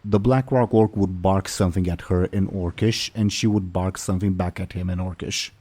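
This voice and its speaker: A man with a low, mellow voice runs a tabletop game as game master. He narrates in the third person and describes what each character does. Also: steady tone, normal speed.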